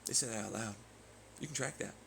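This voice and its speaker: A man's voice: mid-range voice, quick pace, creaky, fairly bright tone, a little hiss or hum, rough recording. A man vlogging in a profane, sarcastic and taunting rant. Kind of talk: ranting monologue.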